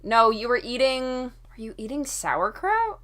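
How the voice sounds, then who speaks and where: A woman co-hosting a podcast, teasing and animated in casual chat. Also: fairly high pitch, a little slow. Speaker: podcast co-host.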